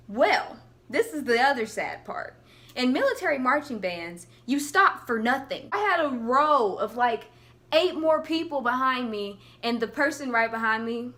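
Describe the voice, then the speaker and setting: Bubbly bright-voiced young woman storyteller. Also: sits high. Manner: animated, laughing, acts out quotes. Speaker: vlogger. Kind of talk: casual storytelling.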